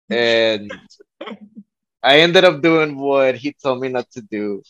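A man's voice: medium pitch, animated, slow, long pauses, a bit bright, dry recording. A man who works as a tattoo artist, guest on a podcast, telling a long story in a rambling way full of "you know, like". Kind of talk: casual storytelling. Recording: dull lo-fi.

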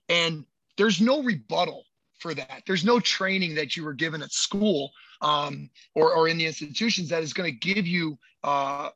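A man's voice: a little high, bright, forceful tone, dry recording. A man who works as a movement coach, talking in a casual podcast chat, emphatic and profane and repeating words as he gets fired up.

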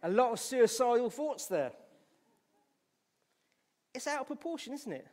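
A man with a Scottish accent preaching a sermon in church, reading scripture aloud and swinging from loud to hushed. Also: very high voice, sing-song, a little slow, long reverb tail. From Scotland.

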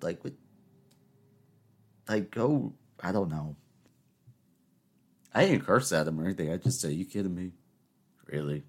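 Young guy in his twenties, lowish voice, chatty solo podcast host who rambles and pokes fun at himself, then gets worked up. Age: 20s. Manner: rambling, self-mocking, rising into exasperated rants. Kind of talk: casual solo podcast monologue.

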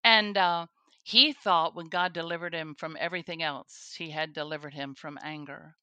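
A woman's voice: deep voice, fairly even intonation, moderate pace, pushed and bright, smooth, no room sound. A woman, a guest on a faith show, telling her own story earnestly, with restarts and the odd laugh. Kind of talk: personal testimony interview.

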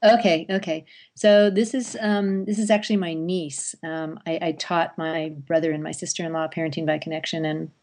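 Low gravelly woman telling parenting stories. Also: fairly even intonation, normal speed, hardly any pauses, darkish tone. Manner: storytelling, acts out parent and child lines. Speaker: parenting expert guest. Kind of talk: conversational interview.

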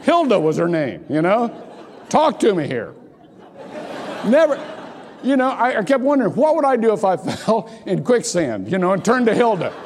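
A man's voice: high voice, fairly quick, slight background noise. An older man preaching a sermon as pastor, telling jokey stories with lots of repeated words. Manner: animated storytelling, jokey asides, repeats words. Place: church sanctuary. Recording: long hall reverb.

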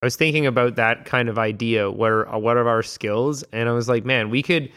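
A man co-hosting a casual podcast chat, thinking out loud and swearing freely. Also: medium pitch, steady tone, brisk, clear, resonant tone. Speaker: podcast co-host.

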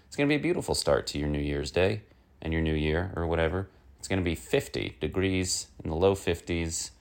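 A man with an extremely deep voice full of gravelly fry hosts his own little comic news show. He rambles along with plenty of fillers and drifts into irritable, exasperated rants. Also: a little mellow. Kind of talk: casual rambling comic monologue.

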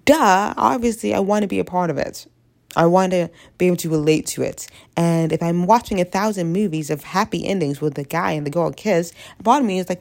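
Here the same kind of young adult vlogger, nursing a head cold, chats in a jokey, self-deprecating, meandering way. Her pitch is fairly low, the tone gravelly and darkish, and she talks a little fast.

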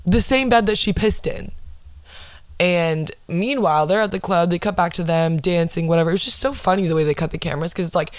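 A woman vlogger telling a story in a blunt, profane, excitable way, casually recapping a show. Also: on the low side, fairly quick, no room sound.

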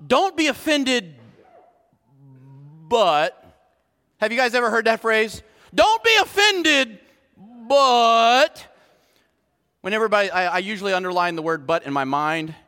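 A male pastor preaching a sermon, animated, moving from quiet asides to shouted emphasis. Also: sits high, long reverb tail.

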